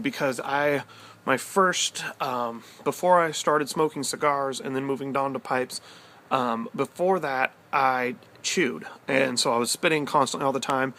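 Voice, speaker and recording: A young man vlogging outdoors in the cold, telling a story in a loose, excitable, rambling way with casual swearing. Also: mid-range voice. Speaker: pipe-smoking vlogger. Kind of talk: casual vlog chat.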